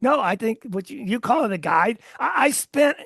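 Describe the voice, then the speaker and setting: A man's voice: extremely high pitch, expressive, moderate pace, vocal fry, fairly bright tone, dry recording, studio quality. A man, a sales coach, talking as a podcast guest, telling a story in a chatty way with many restarts and quoted dialogue. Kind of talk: conversational storytelling in a podcast interview.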